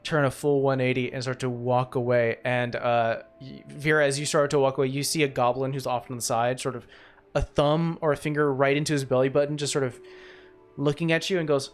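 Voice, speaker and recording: Man, game master, tabletop game narration, rambling, filler-heavy, mid pitch, faint music behind. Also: flat delivery, fairly quick.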